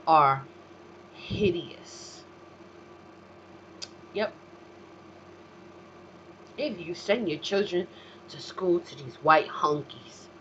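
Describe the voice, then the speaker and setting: A woman hosts a solo talk show and rants with heated profanity, swinging from low muttering to outright shouting. The recording is muffled, with a little hiss or hum.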